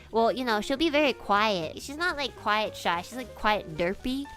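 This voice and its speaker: A young woman streamer telling a casual story in an animated way, giggling often and swearing casually. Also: on the high side, normal speed, soft background music.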